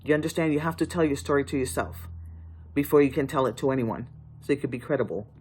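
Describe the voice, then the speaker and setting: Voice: medium pitch, steady tone, quick pace, darkish tone, husky. An author giving casual writing advice to the camera, emphatic and pleading, often restarting sentences.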